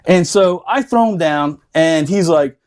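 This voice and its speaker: A middle-aged man telling a boot camp story on a podcast, profane and animated, laughing as he talks. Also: on the high side, unhurried. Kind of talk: casual storytelling chat.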